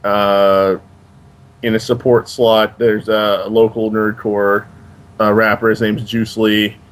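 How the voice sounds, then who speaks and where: A man co-hosting a comics podcast, announcing upcoming events in a relaxed way with many fillers. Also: on the low side, takes it slowly. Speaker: podcast co-host. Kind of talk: casual chat.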